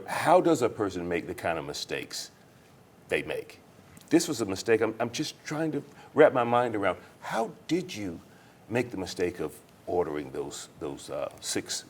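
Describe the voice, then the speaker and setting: A man political commentator on a TV panel, asking incredulous, pointed questions. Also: medium pitch.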